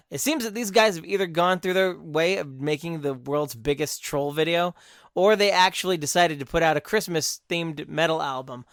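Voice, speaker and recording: A man's voice: a little high, clear, resonant tone, no room sound, studio quality. Crude, rambling male podcast co-host. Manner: crude, rambling and self-mocking, with sudden loud bursts and quiet mutters. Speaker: podcast co-host reviewing metal albums. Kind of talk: casual solo segment, reading from a list.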